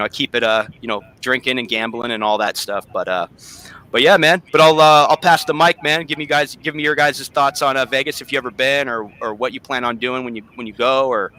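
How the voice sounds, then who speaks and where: A man co-hosting a podcast, telling stories in an animated, slangy way and calling people "man" and "bro". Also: mid-range voice. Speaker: podcast co-host. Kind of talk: casual chat.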